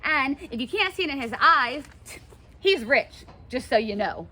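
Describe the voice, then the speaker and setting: A woman teaching a class in a casual, animated way, full of fillers, in a classroom. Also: sits high, a little slow. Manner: chatty, animated, many fillers. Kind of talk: classroom lecture with read-aloud passages.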